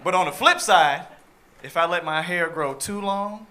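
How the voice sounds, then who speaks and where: A man's voice: high voice, a little slow, noisy background. A man in his thirties performing a stand-up comedy set on a club stage, punchy, switching into voices for the people he quotes. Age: 30s.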